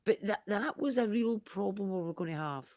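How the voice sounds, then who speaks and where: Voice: medium pitch, lively intonation, a little fast, a little mellow, no echo. Easygoing podcast voice, dry sound. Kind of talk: casual podcast chat.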